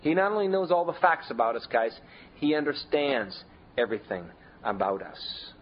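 A man preaching a sermon in a conversational way, leaning hard on key words with big shifts in pitch and volume. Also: lively intonation, normal speed, muffled recording, slight background noise. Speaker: pastor.

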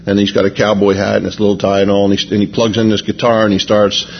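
A man's voice: on the low side, monotone, quick pace, creaky, lo-fi sound, a little hiss or hum. A man preaching by telling a rambling personal story, casual and full of "you know" and restarts. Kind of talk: anecdotal sermon storytelling.

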